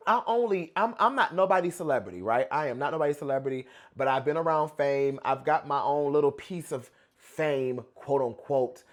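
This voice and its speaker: A young man giving casual pop culture reaction commentary in an animated, gossipy way. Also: a little high, moderate pace, few pauses. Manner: animated, gossipy, dramatic outbursts.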